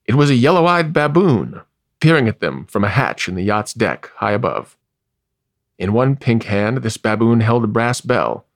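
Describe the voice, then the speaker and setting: A man reading a story aloud, measured and wry, with expressive delivery. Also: fairly low pitch, vocal fry, no room sound, clean studio sound. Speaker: narrator.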